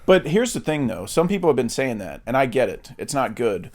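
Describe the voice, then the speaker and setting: A man's voice: mid-range voice, big pitch swings, brisk, darkish tone. A man co-hosting a podcast, chatting casually and with strong opinions, swearing now and then and using lots of fillers. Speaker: podcast co-host. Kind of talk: casual film chat.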